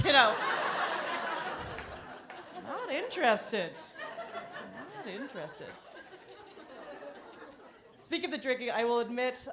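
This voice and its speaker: A woman performing a stand-up comedy set on a club stage, wry and self-deprecating, breaking into animated impressions. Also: mid-range voice.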